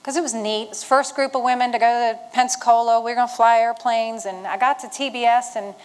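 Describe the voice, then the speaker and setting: This clip is roughly recorded: a retired Marine from Virginia, a woman in her fifties, talks quickly with a clean tone to veterans in an event room, animatedly performing the voices in her story. Her pitch runs a little high for a woman, and she delivers with motivational energy.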